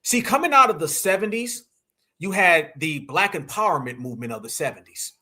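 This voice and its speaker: A man's voice: fairly high pitch, animated, brisk, sharp tone. A man hosting a political livestream, delivering a fiery, preachy rant and repeatedly calling his audience family. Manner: preachy, repetitive, calls audience fam. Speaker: livestream host.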